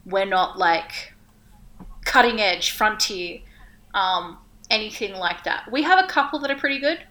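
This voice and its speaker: A woman's voice: mid-range voice, lively intonation, unhurried, pushed and bright. An Australian woman co-hosting a casual chat, talking in a chatty way with lots of fillers. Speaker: podcast co-host.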